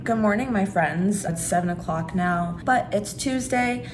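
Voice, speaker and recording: A woman's voice: medium pitch, unhurried. A woman chatting casually in a daily vlog, talking to viewers with plenty of "like" fillers. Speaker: vlogger. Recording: noticeable background noise.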